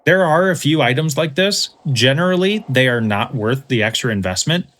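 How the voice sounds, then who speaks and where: A man hosting a let's play, explaining game mechanics in a relaxed, casual way with dry humor. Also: mid-range voice, moderate pace. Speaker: host, let's play commentator. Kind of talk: casual gameplay commentary.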